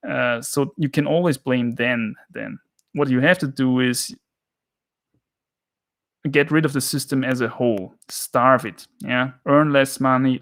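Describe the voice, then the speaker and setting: A man's voice: mid-range voice, vocal fry. Ranting Austrian man on a livestream. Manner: emphatic, ranting, tags lines with "yeah?". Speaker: livestream host. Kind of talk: casual livestream chat. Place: home flat.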